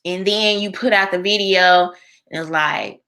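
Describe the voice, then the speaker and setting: A woman's voice: mid-range voice, fairly even intonation, unhurried, bright, forceful tone. A young woman hosting a live stream, chatting casually with viewers and reading their comments aloud, full of fillers.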